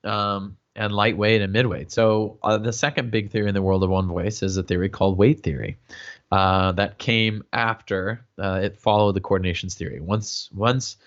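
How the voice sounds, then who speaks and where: A man's voice: lowish voice, fairly even intonation, normal speed. A man teaching singing in a casual livestream, explaining with lots of fillers and checking in with "yeah?" and "right?". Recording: dull lo-fi livestream audio.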